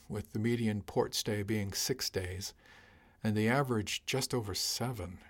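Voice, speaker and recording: A man giving a measured, dry first-person narration of a sci-fi audiobook. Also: on the low side.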